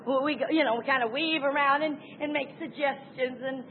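A woman preaching a sermon, emphatic, swinging from loud exclamations to hushed asides. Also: high-pitched, steady tone, fairly quick. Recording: tinny phone-like sound with faint noise.

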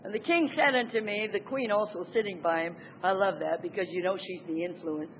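A woman preaching a sermon, emphatic, swinging from loud exclamations to hushed asides. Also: medium pitch, a little fast. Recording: tinny phone-like sound with faint noise.

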